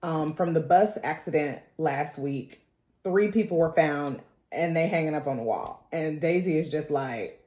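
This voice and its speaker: A woman's voice: deep voice, unhurried, mellow, roomy sound. A woman giving a casual recap of a TV episode, chatty and full of slang, laughing often. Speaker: TV recap vlogger.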